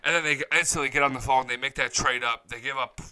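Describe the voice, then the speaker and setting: A man's voice: mid-range voice, fairly even intonation, fast, pushed and bright, clean tone, no room sound, low-quality recording. A man hosting a live-streamed sports talk show, hyped and profane, jumping from topic to topic. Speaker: sports podcast host. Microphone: studio mic, close and dry.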